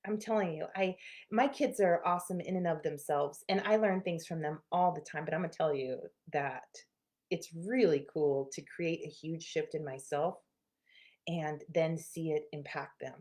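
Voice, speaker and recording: Middle-aged female therapist, casual to-camera talk, lowish voice, animated and laughing. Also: normal speed. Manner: animated storytelling, laughs often, shifts between loud and quiet. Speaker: therapist and channel host.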